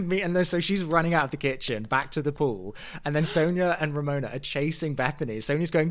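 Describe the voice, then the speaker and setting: A man co-hosting a podcast, recapping a reality show in animated, laughing storytelling and mimicking the people he describes. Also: a little high, a little fast, hardly any pauses. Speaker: podcast co-host.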